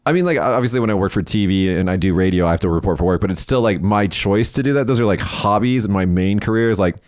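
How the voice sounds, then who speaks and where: A man co-hosting a podcast, telling stories in a casual, animated and profane way. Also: lowish voice, fast, dry recording, clean studio sound. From United States. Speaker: podcast co-host.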